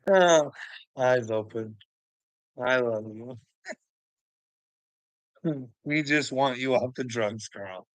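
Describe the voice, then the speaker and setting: A man's voice: medium pitch, very slow, pauses often, dry recording, rough recording. A man hosting a casual livestream, crude and profane, laughing often as he teases the people in his chat. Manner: crude, profane, laughs a lot between remarks; teasing, talks back to viewers' comments. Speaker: livestream host.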